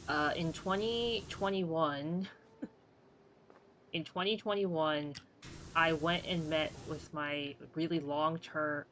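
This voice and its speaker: Bright-voiced rambling streamer. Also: mid-range voice, a little hiss or hum, poor audio. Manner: rambling storyteller, many fillers; playfully sarcastic. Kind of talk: casual livestream chat.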